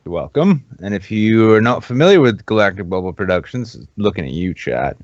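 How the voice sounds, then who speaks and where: A man's voice: on the low side, very animated, brisk, a little mellow, no room sound. Offhand male co-host, dull dry mic. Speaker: podcast co-host. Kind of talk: casual podcast chat.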